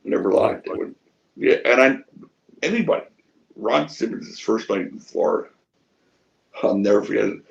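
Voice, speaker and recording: A middle-aged man spins stories with lively swings of pitch and a gravelly edge, acting out each quote and swearing freely. The sound is dull and lo-fi. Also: moderate pace, long pauses, a little hiss or hum. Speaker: wrestling promoter interviewee. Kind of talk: shoot interview storytelling.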